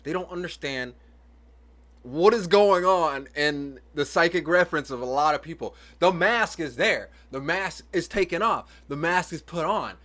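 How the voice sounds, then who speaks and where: A man's voice: fairly high pitch, expressive, moderate pace, fairly bright tone. A man who is a parent, talking to camera in a casual, rambling monologue that philosophizes and repeats itself. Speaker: vlogger and parent.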